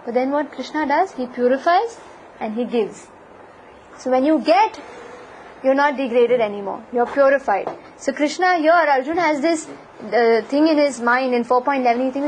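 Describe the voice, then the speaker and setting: A woman giving a devotional lecture, telling a scripture story in a lively way and asking her listeners questions. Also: sits high, normal speed, a little hiss or hum, poor audio. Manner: animated storyteller, asks the audience questions. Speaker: spiritual lecturer.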